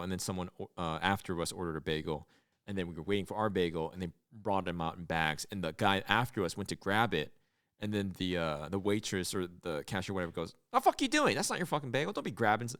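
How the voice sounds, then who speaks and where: A young man co-hosting a comedy podcast, telling stories in a casual chat and acting out loud outbursts. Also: low-pitched, clean tone, no room sound, clean studio sound. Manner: animated storyteller, acts out loud outbursts. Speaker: podcast co-host.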